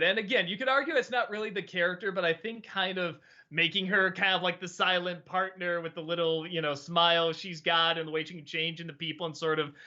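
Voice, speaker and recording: A man's voice: sits high, bright, forceful tone, dull audio. A man hosting a casual livestream Q&A, rambling and hesitant with lots of fillers. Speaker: host.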